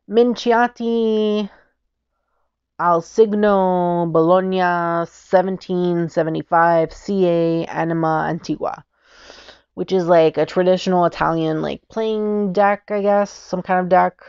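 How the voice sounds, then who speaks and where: A woman's voice: on the low side, steady tone, slow, a little mellow, clean tone, dry recording, dull audio. A woman from Canada hosting a casual tarot review channel, chatty and exclamatory, stumbling over foreign names.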